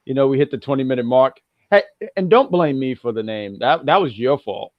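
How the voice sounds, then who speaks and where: A man co-hosting a casual wrestling review podcast, rambling with many restarts and bursts of loud excitement. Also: medium pitch, brisk, dry recording, highs cut off. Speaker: podcast co-host.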